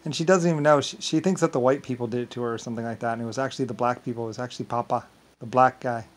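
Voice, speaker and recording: A man's voice: medium pitch, fairly even intonation, rapid-fire, poor audio. A man talking in a casual, rambling monologue, often stumbling and repeating words as he restarts his sentences.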